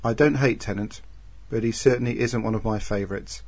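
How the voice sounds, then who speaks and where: Male podcast co-host, low husky voice, dry deadpan letter reading. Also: fairly quick, no echo. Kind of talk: casual podcast chat.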